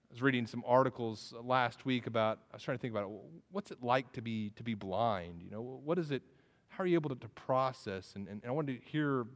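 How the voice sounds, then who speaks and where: A man's voice: mid-range voice, fairly quick. A man preaching a sermon as pastor, often restarting phrases and repeating words. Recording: reverberant hall.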